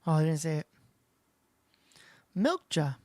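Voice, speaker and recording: A woman's voice: mid-range voice, a little slow, dry recording. A woman giving casual livestream commentary as she plays a game, chatting and reacting aloud to the match. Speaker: game streamer.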